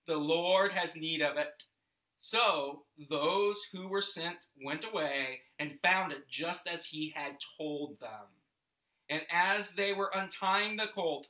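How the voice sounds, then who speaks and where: A man with a high, bright voice reads scripture slowly and then leads a guided reflection, full of questions for the listener. His unhurried delivery rings out in an echoey room. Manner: slow, questioning, invites listeners to imagine. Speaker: devotional video host.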